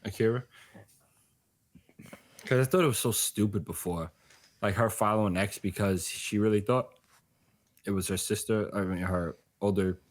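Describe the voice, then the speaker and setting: A man co-hosting a casual podcast, giving his take in loose, slangy banter. His voice sits a little low, and he talks with easy laughs and restarts. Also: steady tone, moderate pace, long pauses. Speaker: podcast co-host.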